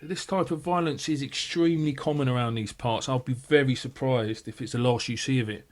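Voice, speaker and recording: A man's voice: mid-range voice, steady tone, brisk, close to an everyday voice. A man voicing a smug adult man in a story game who got away with murder, politely mocking and falsely sympathetic. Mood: smug farewell. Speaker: game character. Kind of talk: scripted game voice acting.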